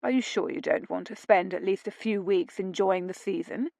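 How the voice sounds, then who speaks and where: A woman reads audiobook dialogue in her own voice, lightly acting a playful young nobleman who calmly and fondly teases his wife. Her pitch stays mid-range with some creak, her pace is moderate, and the recording is dry and close.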